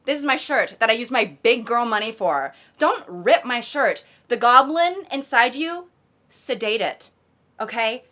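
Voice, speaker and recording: A young woman hosting her own video, reacting to stories with sarcastic, animated, over-the-top commentary. Her voice is bright and forward, and her delivery is casual and chatty. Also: fairly high pitch, moderate pace. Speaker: video host reading viewer stories.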